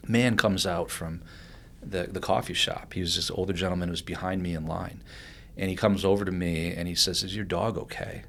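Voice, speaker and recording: Man, deep low voice, podcast guest telling a story, rambling with restarts, faint background rumble. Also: brisk, vocal fry. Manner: animated, rambling with restarts and fillers.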